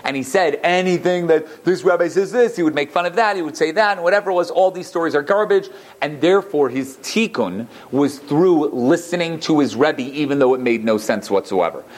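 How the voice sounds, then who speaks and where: A man, a rabbi, tells a story in a Torah class, animated, with many restarts and asides. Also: a little high, fairly quick.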